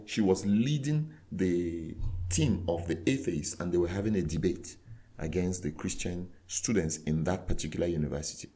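A man, a clergyman guest, telling a story in conversation with earnest, animated retelling that acts out dialogue. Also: low-pitched. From Nigeria.

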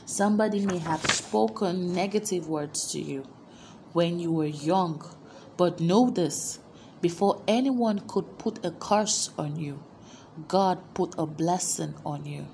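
A woman preaching a sermon and leading spoken declarations in a slow, measured, emphatic way. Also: on the low side, gravelly, warm tone, a little hiss or hum.

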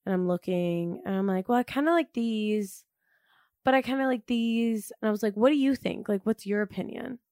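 A woman's voice: medium pitch, normal speed, mellow, no echo, clean studio sound. Hesitant young woman chatting casually. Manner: hesitant, filler-heavy, many "like"s. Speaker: podcast co-host. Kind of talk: casual chat.

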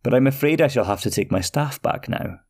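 A calm and kindly storybook witch, as a male narrator reads her. Her words come gently and measured, wise rather than frightening. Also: mid-range voice, breathy edge.

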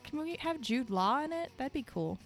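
A woman from Michigan in casual chat as a podcast co-host, animated and playful, laughing often. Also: high voice, normal speed, soft background music. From Michigan, United States.

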